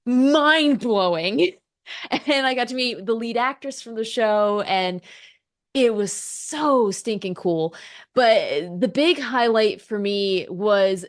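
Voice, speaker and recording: An excited woman with a fairly high voice tells stories in an animated way. She laughs often and acts out the people she quotes. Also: takes it slowly. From United States. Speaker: podcast guest, meteorologist. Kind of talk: casual conversation.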